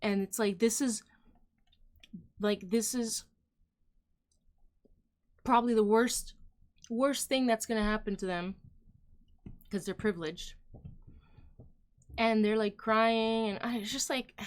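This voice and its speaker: A woman's voice: fairly high pitch, steady tone, takes it slowly, long pauses. A woman hosting a casual opinion livestream. She rambles with lots of "like" and "um," talks straight to her viewers, and lets her thoughts trail off. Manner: rambling, heavy use of "like" and "um", trailing off; chatty, addresses viewers directly. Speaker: livestream host.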